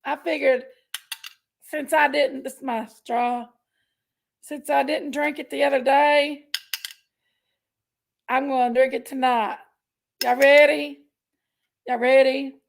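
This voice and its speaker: A woman's voice: high voice, steady tone, slow pace, gravelly, pauses often. A woman hosting a casual livestream. She chats affectionately with viewers and greets them by name and pet name. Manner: chatty and affectionate, calls viewers pet names. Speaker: livestream host.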